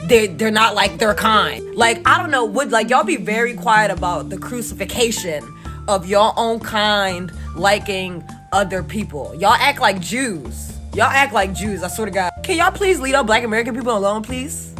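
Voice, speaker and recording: A woman's voice: mid-range voice, animated, normal speed, fairly bright tone, soft background music. A woman giving a casual, emphatic reaction rant in slangy speech, breaking into laughter. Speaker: social media commentator.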